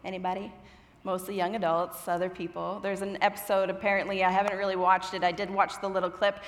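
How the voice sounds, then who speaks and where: A woman's voice: medium pitch, flat delivery, fast talker, big-room sound. A young woman from children's ministry preaching a sermon on stage, chatty and self-deprecating, a little nervous. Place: church auditorium with stage lights.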